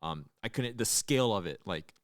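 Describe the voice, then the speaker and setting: A young man co-hosting a comedy podcast, telling stories in a casual chat and acting out loud outbursts. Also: on the low side, normal speed, no room sound, studio quality. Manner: animated storyteller, acts out loud outbursts. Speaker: podcast co-host.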